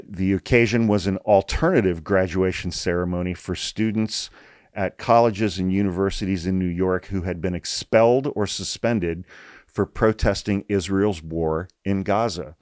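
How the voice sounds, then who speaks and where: A man's voice: low voice, no echo, studio quality. A man hosting a political podcast, speaking bluntly and heatedly, swearing often and repeating his points for emphasis. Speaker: podcast host. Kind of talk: political commentary podcast, reading an article aloud.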